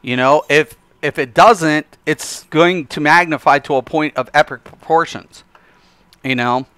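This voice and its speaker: On a live game stream, a man rants casually into his desk microphone in a bright, forceful, rather high voice at an unhurried pace. He's emphatic and repeats himself, with frequent fillers, and the sound is clean with no echo.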